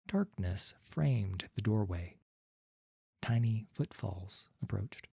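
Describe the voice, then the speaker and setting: A man narrating a fantasy story in a slow, measured storytelling manner. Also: fairly low pitch, lively intonation, gravelly, warm tone, slightly rough, dry recording, clean studio sound. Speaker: audiobook narrator. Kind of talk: scripted narration.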